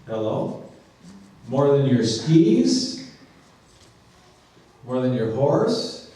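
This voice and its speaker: A man's voice: mid-range voice, sing-song, very slow, warm tone. A man preaching a sermon as pastor, talking conversationally and acting out dialogue with playful humor, recorded from a distance in a church sanctuary. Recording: echoey church from a distant mic.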